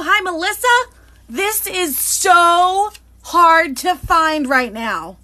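Bubbly high-pitched woman. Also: extremely slow. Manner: excitable, bubbly, greets viewers by name. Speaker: live-stream host. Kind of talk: live unboxing chat with viewers.

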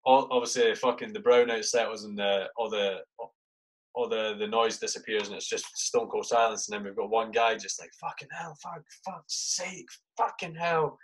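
A man's voice: on the low side, flat delivery, fairly quick. A man in his thirties, an army sergeant guest on a podcast, telling war stories casually with heavy swearing and "mate" in every sentence. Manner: swears a lot, says "mate" often; acts out his own past reactions. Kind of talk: casual storytelling.

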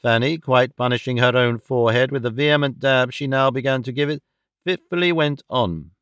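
A man giving scripted narration of a classic novel in a measured, even storytelling way. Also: mid-range voice, clean tone, no echo, studio quality. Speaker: audiobook narrator.

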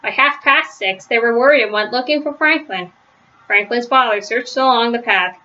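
A woman reading a children's story aloud, gentle, with small slips and restarts, on a slightly lo-fi recording. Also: on the high side, moderate pace. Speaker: storybook reader.

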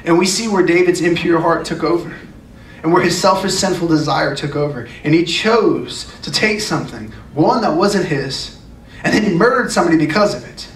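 A man's voice: on the high side, animated, normal speed. A man preaching a sermon as a youth pastor, earnest and emphatic, often repeating his phrases. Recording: echoey room, distant mic, faint noise.

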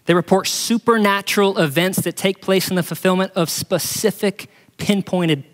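A man's voice: sits high, steady tone, normal speed. Earnest male pastor in a reverberant hall. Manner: earnest, acts out dialogue voices for illustrations. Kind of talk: sermon. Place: church auditorium.

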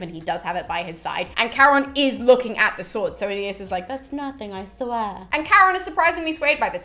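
A woman retells an ancient myth in an informal, chatty way, full of fillers and offhand swearing. Her voice sits a little high and stays lively. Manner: chatty, animated, swears casually. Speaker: mythology channel host.

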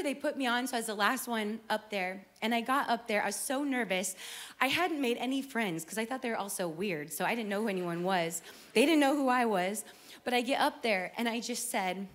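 A woman's voice: a little high, brisk. A middle-aged woman, a singer, sharing her personal testimony as heartfelt storytelling, acting out her younger self.

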